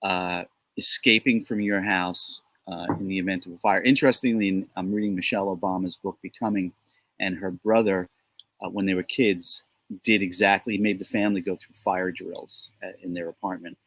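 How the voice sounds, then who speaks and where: Relaxed man chatting on a home deck. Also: deep voice, moderate pace, no echo, rough recording. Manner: rambling, loose, joking asides. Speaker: co-host. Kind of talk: casual business chat.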